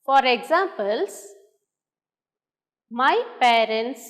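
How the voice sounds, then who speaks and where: Slow, deliberate woman teacher with a Tamil English accent. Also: on the high side, lively intonation. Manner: very slow and deliberate, dictating examples word by word. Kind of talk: classroom grammar lesson. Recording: roomy hall with long echo.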